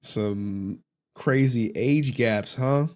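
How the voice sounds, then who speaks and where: A man's voice: medium pitch, drawn-out words. A man hosting a stream, chatting casually, teasing his guest and laughing often. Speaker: stream host. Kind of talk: casual chat.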